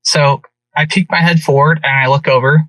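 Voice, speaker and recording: A man, a guest on a podcast, telling a hunting story in casual and animated speech. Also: on the high side, moderate pace, dry recording. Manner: animated, vivid retelling. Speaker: guest hunter. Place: podcast studio. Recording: distant from mic, dry.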